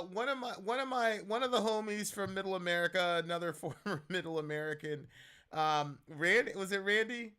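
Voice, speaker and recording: A man hosting a political stream, ranting loosely in slang with sudden loud outbursts. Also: high-pitched, fairly quick, clear, resonant tone. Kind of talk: casual political commentary.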